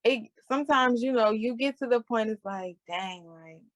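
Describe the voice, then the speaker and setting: A woman's voice: on the high side, moderate pace, a bit bright, no room sound. A young adult woman hosting a casual podcast chat, speaking candidly about relationships in a conversational way. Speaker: podcast host.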